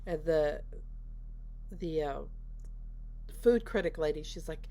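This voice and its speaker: A woman giving a casual, unhurried recap of a film's plot, slipping into quoted lines and laughing now and then. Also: low-pitched, dark tone. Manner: unhurried, retells scenes with quoted voices and laughs. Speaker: movie reviewer.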